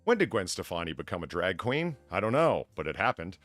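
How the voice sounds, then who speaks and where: A man's voice: deep voice, very animated, a little fast, a bit bright, no room sound, faint music behind. A man hosting a livestream podcast, chatting casually and animatedly with fillers and laughs. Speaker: podcast host.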